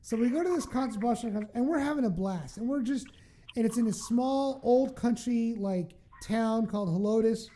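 A woman tells a rowdy story to a friend, swearing freely and breaking into laughter. Her voice sits a bit high but has a soft, mellow tone. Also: normal speed. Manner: animated, profane, laughing storyteller. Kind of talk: casual storytelling chat.

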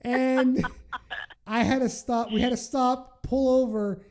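A woman telling a wild story in casual chat, animated, swearing and laughing as she goes. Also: high voice, takes it slowly, over a noisy crowd.

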